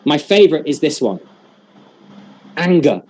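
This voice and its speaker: A man's voice: fairly high pitch, expressive, unhurried, a little mellow. A man leading a teacher-training workshop over a video call, explaining patiently and demonstrating with examples.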